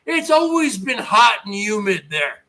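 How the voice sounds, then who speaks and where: Vlogger, middle-aged man from northern New Jersey, profane mocking rant, slow drawling delivery. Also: sits high, very animated, sharp tone. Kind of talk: ranting monologue.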